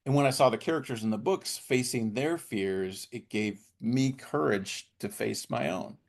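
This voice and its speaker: A middle-aged man, a guest author, telling his story in a podcast interview and lively acting out the people he quotes. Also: medium pitch, normal speed, creaky. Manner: animated storyteller who acts out quoted voices.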